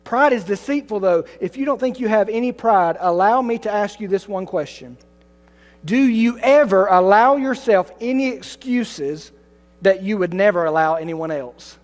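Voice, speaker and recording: A high-voiced man preaches in a church sanctuary, his words trailing off into a long hall reverb. He dramatizes the congregation with mocking, raised voices, then drops low and solemn for the reply. Between points he jokes about himself. A faint mains hum sits underneath. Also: lively intonation, normal speed. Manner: self-deprecating humor with laughs. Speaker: pastor. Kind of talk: sermon.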